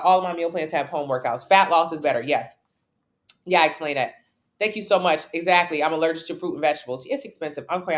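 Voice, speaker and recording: A woman fitness coach answering viewer questions on a casual livestream, blunt and sassy, swearing casually and pushing her voice up for emphasis. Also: deep voice. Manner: lively, swings in loudness for emphasis.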